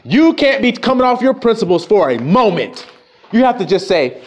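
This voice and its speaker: A man preaching a fiery, profane sermon in a high voice. His pitch swings widely, from low, muttered asides to emphatic shouts. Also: sing-song, normal speed. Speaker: self-styled preacher. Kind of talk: fiery street-style sermon.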